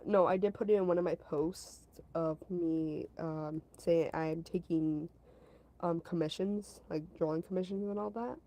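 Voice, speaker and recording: A woman's voice: fairly low pitch, fairly even intonation, a little slow, dark tone, low-quality recording. A woman casually telling a story to her stream chat, rambling, repeating herself and padding her talk with fillers. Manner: talks to her chat between story parts.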